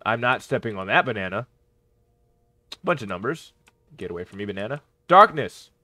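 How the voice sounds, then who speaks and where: A man giving playthrough commentary on a horror game, reacting with excited yelps and shouts. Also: fairly low pitch, a little fast, no room sound. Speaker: gaming YouTuber.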